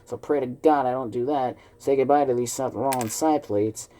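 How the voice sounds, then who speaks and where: Guy ranting at home, swearing nonstop, all fired up, normal pitch voice. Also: moderate pace, dark tone. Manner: heavy cursing, fired-up rant. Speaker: wrestling fan vlogger. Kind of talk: angry ranting vlog.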